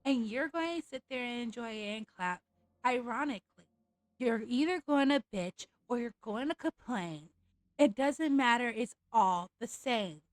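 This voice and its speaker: A woman's voice: fairly high pitch, expressive, moderate pace, no echo, low-quality recording. A woman streamer ranting in a casual, blunt and profane way over a live game stream.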